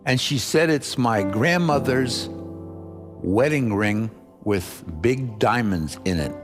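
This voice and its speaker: A man preaching, telling a story and acting out the dialogue as he goes. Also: medium pitch. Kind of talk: sermon storytelling. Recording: music playing underneath.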